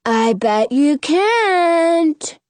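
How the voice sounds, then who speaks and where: A woman voicing an excitable, cheeky young boy with a squealing, sing-song manner in an audiobook reading. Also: high voice, unhurried, no echo, pitched above the performer's own voice. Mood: eager.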